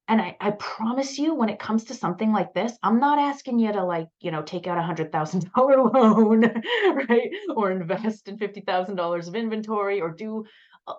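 A woman business coach speaks casually to her students, her voice sitting a little low. She is chatty and encouraging, with frequent fillers. The recording sounds dull and lo-fi. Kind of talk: casual talk in an online bootcamp session.

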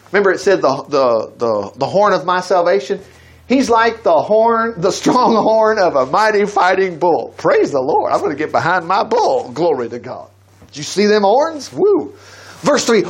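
A man preaching a sermon, reading Bible verses slowly and breaking off for folksy, exclamatory comments. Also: high-pitched, very animated. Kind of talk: sermon reading scripture aloud.

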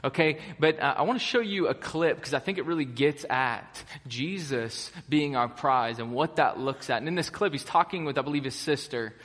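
A man's voice: mid-range voice, moderate pace, few pauses, a bit bright. A young American man preaching a sermon as pastor, casual, chatty and enthusiastic with lots of fillers. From United States. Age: young adult. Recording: long reverb of a large hall.

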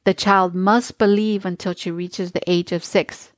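A woman's voice: on the low side, steady tone, unhurried, no echo, natural voice. A woman reading aloud as a firm, wise old immigrant grandmother who speaks in plain, old-fashioned phrases.

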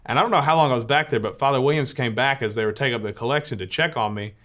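A man's voice: mid-range voice, rapid-fire, fairly bright tone. A Catholic priest telling a personal story to listeners in an earnest way, often restarting as he searches for words.

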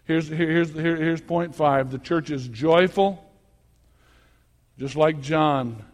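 A man preaching a sermon as pastor, swinging from quiet teaching to loud exhortation and repeating words when worked up. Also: on the high side, takes it slowly. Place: church sanctuary. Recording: long echo of a church hall.

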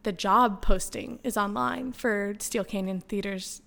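A young woman, a podcast guest, telling stories in casual chat, full of "like" and quick laughs. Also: mid-range voice, gravelly. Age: young adult. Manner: animated, heavy use of "like", laughs while telling stories.

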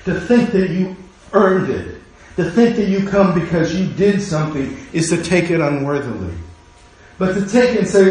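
A man's voice: high voice, lively intonation, normal speed, darkish tone. A man preaching a sermon as pastor, impassioned and full of rhetorical questions. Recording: very echoey room.

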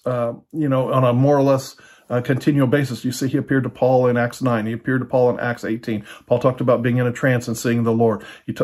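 An older man giving an unscripted Bible teaching talk in a relaxed way, often repeating words and adding fillers as he thinks aloud. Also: mid-range voice, breathy edge. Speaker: teacher of a church ministry.

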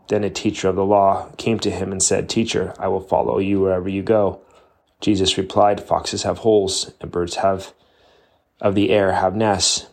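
A lower-voiced man reads scripture aloud, keeping his pitch level and even. He goes steadily from passage to passage and sometimes trips on a word and starts it again. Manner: plain, steady reading with small slips and restarts. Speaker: Bible reader.

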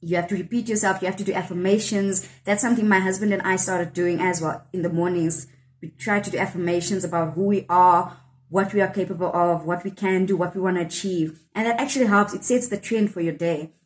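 Her fairly low voice stays steady in tone while she speaks quickly, with poor audio and slight background noise. She's a poet in her thirties with a South African accent, earnestly reflecting on her poem in a candid interview and regularly restarting sentences.

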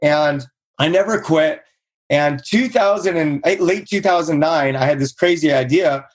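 A man in his thirties from Southern California, telling his own story in a casual interview and acting out quotes with a raised voice. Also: a little slow. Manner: energetic storyteller, acts out quotes in higher voice. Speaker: guest, real estate investor.

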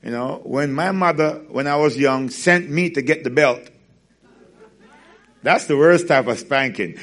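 A man, a pastor, preaching a sermon with animated storytelling and frequent laughter. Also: on the high side, unhurried.

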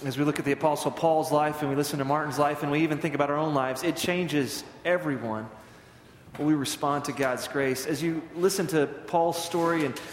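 A pastor delivers a sermon in a somewhat high voice. The recording is roomy, with a long hall reverb and a faint hiss behind him. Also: male voice, fairly even intonation, brisk. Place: large church sanctuary.

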